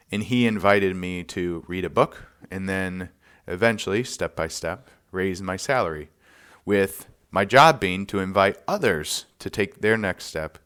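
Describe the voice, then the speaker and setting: A man hosting a podcast, telling a personal story in an earnest, soft-spoken way with small laughs and pauses. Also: deep voice, clean tone.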